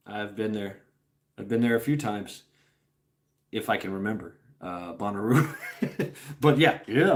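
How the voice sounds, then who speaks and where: At an ordinary male pitch, a middle-aged Tennessee man tells his stream chat a loose, casual story. He laughs a lot, swears freely, and keeps trailing off and starting his sentences over.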